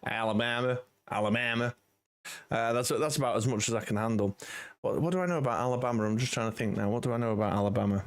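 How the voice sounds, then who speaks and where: A man's voice: medium pitch, rapid-fire. Chatty man in his forties. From United Kingdom. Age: 40s. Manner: rambling and friendly, many "you know"s. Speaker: livestream host. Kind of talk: casual livestream chat with viewers. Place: home.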